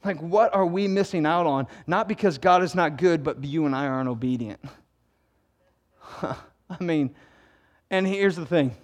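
A man's voice: fairly high pitch, a little slow, pauses often. A man preaching a sermon in a conversational, emphatic way, full of rhetorical questions. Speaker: pastor.

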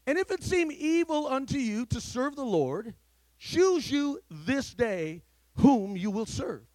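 A man's voice: very high voice, dry recording. An American man preaching a sermon, leading the congregation in call-and-response and often repeating words as he goes. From United States. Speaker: pastor.

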